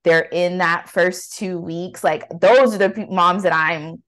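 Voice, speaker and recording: Woman podcast host, slightly low voice, excitable and chatty, prone to loud bursts. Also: unhurried. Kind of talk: casual podcast conversation.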